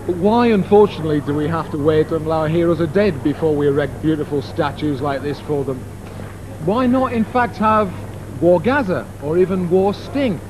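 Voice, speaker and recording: A male TV presenter with a fairly high voice delivers wry, rhetorical scripted lines. He is recorded outdoors in a town, with clear traffic and street noise behind him. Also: normal speed. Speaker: TV documentary presenter.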